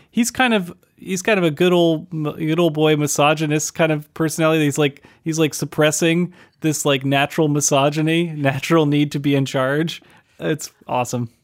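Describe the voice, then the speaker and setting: Higher-voiced guy chatting on a podcast, lots of "like", laughs a bunch. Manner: relaxed, with laughs and "like" fillers. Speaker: podcast co-host. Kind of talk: casual chat.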